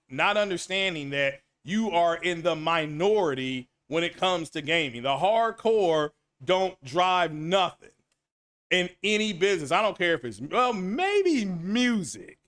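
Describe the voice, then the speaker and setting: Animated high-voiced man ranting about games. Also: a little slow, clean tone. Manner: animated, rambling, repeats himself, reads chat names aloud. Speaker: gaming commentary host. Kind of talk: casual solo stream commentary.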